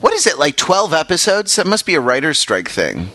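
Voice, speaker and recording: A man in casual podcast banter who drifts into long, rambling anecdotes. His voice is bright and forward. It sits dry and close to the mic. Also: fairly high pitch, wildly swooping pitch, brisk, no room sound. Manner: rambling storyteller, chatty. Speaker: podcast co-host. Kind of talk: casual chat.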